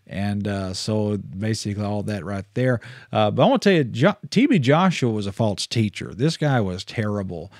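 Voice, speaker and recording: A man's voice: fairly low pitch, lively intonation, moderate pace, a little mellow, no room sound, clean studio sound. A man hosting a casual missionary livestream, chatty and folksy, with frequent praise and easy laughter.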